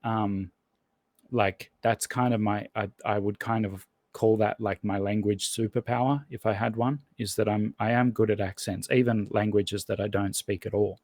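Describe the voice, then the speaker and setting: A man's voice: on the low side, steady tone, moderate pace, a little mellow, no room sound. A man as a podcast guest in casual conversation, rambling and thinking aloud with lots of restarts. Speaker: podcast guest, language learner.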